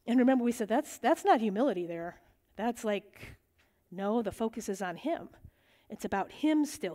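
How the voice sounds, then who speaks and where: A middle-aged woman teaching a bible study, lively and animated, acting out the voices in the stories she tells. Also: fairly high pitch, normal speed. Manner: animated, acts out quoted voices.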